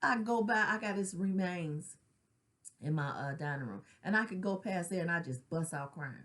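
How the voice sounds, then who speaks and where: A woman's voice: fairly low pitch, normal speed, a bit bright. A middle-aged woman speaking earnestly about grief in a conversational, personal way, with casual slang and frequent "right?" check-ins. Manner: conversational, tag questions like "right?". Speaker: grief counselor sharing her own loss. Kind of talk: personal spoken reflection.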